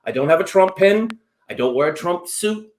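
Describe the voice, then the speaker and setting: A man in his thirties hosting a chat show, giggly and excitable, with lots of fillers. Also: sits high, moderate pace, roomy sound. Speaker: show host. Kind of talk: casual chat.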